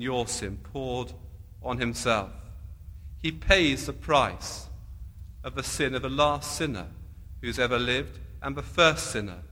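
Guy preaching, slow and deliberate, bright voice, long echo like a big church. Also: mid-range voice. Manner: slow, deliberate preaching with emphatic repeated phrases. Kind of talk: sermon. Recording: long hall reverb.

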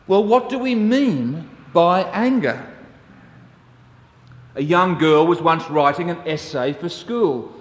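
A man preaches a sermon at an unhurried pace, his fairly high voice telling stories in a measured way. The sound rings with long reverb, as if from a large hall heard at some distance. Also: a bit bright. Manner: slow, measured storytelling. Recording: echoey hall, distant mic.

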